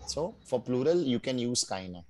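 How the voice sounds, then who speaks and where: A man teaching a beginners' German class. He explains patiently, drills words slowly and keeps checking in with his students. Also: mid-range voice, sing-song, a little mellow, low-quality recording. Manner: patient, checks in often with "right?" and "no?"; drills pronunciation slowly, word by word. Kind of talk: live online language class.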